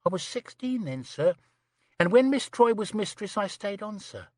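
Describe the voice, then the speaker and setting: A man's voice: sits high, very animated, moderate pace, pitched above the performer's own voice. A man voicing a chatty, prim young housemaid who rattles on breathlessly, saying "sir" constantly. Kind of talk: audiobook character reading.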